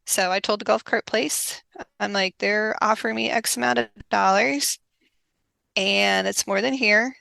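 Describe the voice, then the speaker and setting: Bright, lively middle-aged woman storyteller. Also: medium pitch, measured pace, gravelly, no room sound. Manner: animated, laughs often, acts out quoted people. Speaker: podcast guest. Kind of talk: casual storytelling interview.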